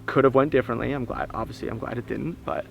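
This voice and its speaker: Creaky-voiced man calmly recounting. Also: medium pitch, fast talker, dull audio. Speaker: protester recounting events. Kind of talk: documentary interview recollection.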